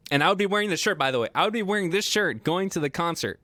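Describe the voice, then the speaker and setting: A young man hosting a casual livestream, excitable and laughing often as he chats with viewers. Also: high-pitched, rapid-fire, no echo. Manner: excitable, laughs often, quotes movie lines in funny voices. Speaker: livestream host.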